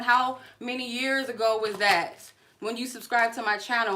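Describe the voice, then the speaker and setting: A woman hosting her own reading channel vents in an angry, profane live-stream rant aimed at a viewer. Her delivery is confrontational and cursing throughout. A clear, steady noise runs behind her voice. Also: fairly high pitch, normal speed, hardly any pauses. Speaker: tarot card reader and channel host.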